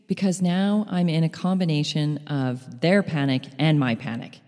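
A middle-aged woman telling a personal story to listeners, animated, laughing lightly between phrases. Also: deep voice, moderate pace. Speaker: speaker. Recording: long hall reverb.

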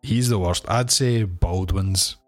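A Scottish man co-hosting a podcast who talks haltingly, with many ums and restarts. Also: sits low. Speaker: podcast co-host. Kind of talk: casual podcast chat.

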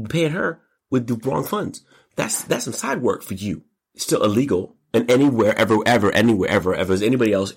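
A man hosting a comedic commentary show, joking and slangy, jumping into high mock voices. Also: husky. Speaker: host.

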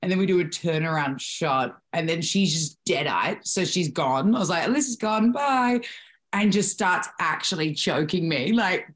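Woman, low voice, animated storyteller, casual interview. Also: normal speed, hardly any pauses. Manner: animated storyteller, acts out quotes. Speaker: actress being interviewed.

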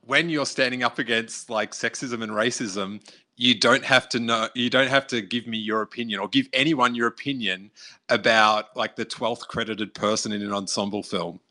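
A man co-hosting a podcast in casual chat, animated and full of quick asides and restarts. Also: medium pitch.

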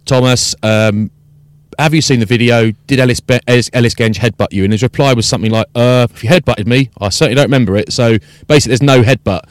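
Brief: male podcast host, lively storyteller, dry close sound. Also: mid-range voice, fast talker, dry recording. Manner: animated storytelling, acting out exchanges. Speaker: podcast host and rugby commentator. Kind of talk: casual podcast chat.

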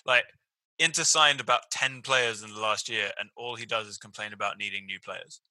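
A man's voice: on the low side, fairly even intonation, normal speed, bright, forceful tone, no room sound, low-quality recording. A man co-hosting a football podcast who puts questions to the others with a wry touch. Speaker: podcast co-host. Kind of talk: casual football chat.

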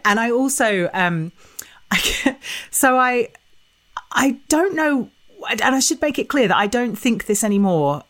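A woman guest on a podcast, telling stories in a giggly, animated casual chat. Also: medium pitch.

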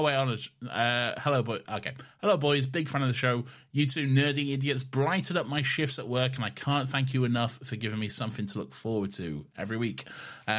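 A man's voice: mid-range voice, fairly bright tone. A young man co-hosting a podcast in casual chat, giggly and rambling as he reads listener emails. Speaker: podcast co-host.

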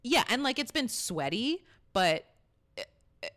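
A woman's voice: fairly high pitch, sing-song, slow pace, a bit bright. A young woman guest on a podcast, joking wryly in casual chat. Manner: wry, joking.

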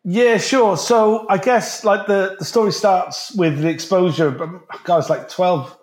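A man's voice: high-pitched, unhurried, roomy sound. A man, a podcast guest, explaining casually with rambling restarts and casual swearing.

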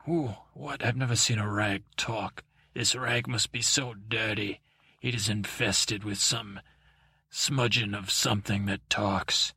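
A man's voice: lowish voice, steady tone, slow pace, sharp tone, slightly rough, no echo, clean studio sound, exaggerated voice. A man voicing a boastful, drunken male pirate who blusters and rambles, in a bedtime story. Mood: mocking. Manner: blustering, then rambling and self-pitying.

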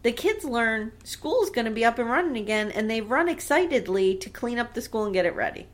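A woman in casual podcast chat, recapping an episode with playful energy. Her voice sits a little high and swoops widely as she tells it. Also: a little fast. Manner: animated, playful, acts out characters. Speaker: podcast co-host.

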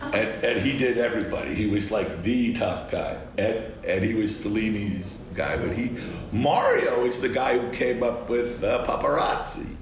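A man telling an animated anecdote as a film director guest in a casual interview, laughing often. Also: on the low side, normal speed. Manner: animated storyteller who laughs a lot. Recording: roomy with crowd chatter.

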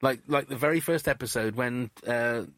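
A man's voice: medium pitch, normal speed, fairly bright tone, no room sound, clean studio sound. A man co-hosting a podcast, chatting casually and often stumbling over his words. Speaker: podcast co-host. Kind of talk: casual interview chat.

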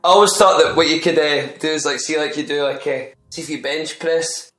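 A man's voice: fairly high pitch, brisk, fairly bright tone. A man, co-hosting a podcast in casual chat, teasing his friend with joking questions. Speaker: podcast co-host. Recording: roomy echo with faint music.

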